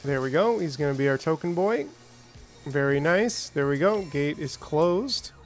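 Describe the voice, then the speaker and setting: A gaming streamer with a slightly high, animated but unhurried voice gives casual, rambling commentary on his gameplay over soft background music. He chats with viewers, reads out and answers chat, and sometimes greets them in playful, silly voices.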